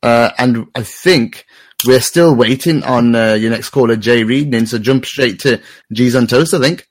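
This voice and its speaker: A man's voice: medium pitch, unhurried. A man co-hosting a football call-in show, hesitating with many fillers and trading dry banter. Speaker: co-host and producer. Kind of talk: casual football chat.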